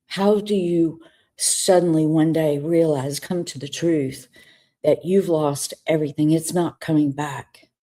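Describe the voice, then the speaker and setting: A woman's voice: low-pitched, steady tone, a little slow, mellow. A woman co-hosting a talk show, candidly telling an emotional personal story in conversation. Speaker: co-host.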